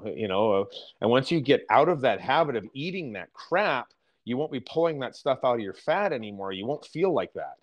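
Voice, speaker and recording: A man's voice: mid-range voice, sing-song, normal speed, muffled recording. Blunt, emphatic man on a podcast. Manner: emphatic, blunt, mimics other people's complaints. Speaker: podcast guest on fasting and diet. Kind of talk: casual podcast chat.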